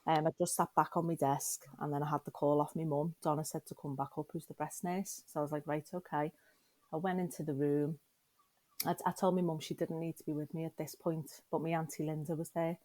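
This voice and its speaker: A woman's voice: low voice, little pitch movement, a little fast, a little mellow, no echo. A middle-aged woman frankly and emotionally telling her personal story as a podcast guest, often turning to the listener with questions.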